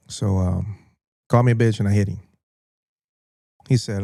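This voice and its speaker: Podcast host, American man, mellow low voice, dry close sound, animated profane storyteller who acts out quotes. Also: measured pace, vocal fry, long pauses, dry recording. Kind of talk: casual storytelling.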